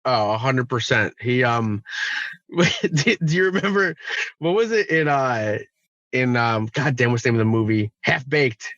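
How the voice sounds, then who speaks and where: A man's voice: mid-range voice, lively intonation, a little slow, fairly bright tone, no echo, muffled recording. A man co-hosting a podcast in a casual chat, cracking crude jokes. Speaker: podcast co-host.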